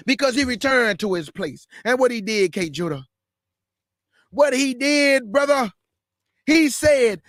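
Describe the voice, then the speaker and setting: Fervent high-voiced man preaching. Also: animated, normal speed, fairly bright tone, no echo, clean studio sound. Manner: fervent, exclaims and calls out to listeners. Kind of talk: fervent scripture reading and preaching.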